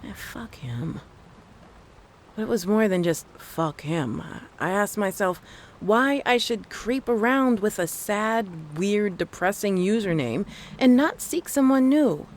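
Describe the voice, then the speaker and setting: A narrator reads a first-person scary story in an expressive, mid-range voice at a slightly slow pace, adding dry, wry asides. A faint thunderstorm ambience plays in the background, along with slight noise.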